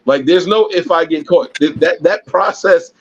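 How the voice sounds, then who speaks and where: A man's voice: a little high, moderate pace, slightly rough. Man telling stories on a lo-fi podcast. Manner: rambling storyteller with many restarts. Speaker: podcast co-host. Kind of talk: casual podcast chat. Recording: dull lo-fi sound.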